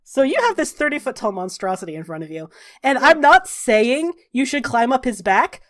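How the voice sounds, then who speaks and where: A woman running a tabletop game as game master, brash and animated, swearing freely. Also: on the high side, normal speed.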